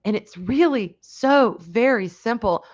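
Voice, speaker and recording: A woman hosting a casual livestream, talking frankly with some swearing and greeting chat viewers with loud excitement. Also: fairly high pitch, a little slow. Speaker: livestream host chatting with viewers. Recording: dull lo-fi stream audio.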